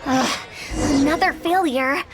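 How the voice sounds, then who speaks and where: A woman's voice: high voice, slow, noisy background. A woman voicing a playful, mischievous young funeral director with cheeky sales patter, over game music. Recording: game soundtrack playing under voice.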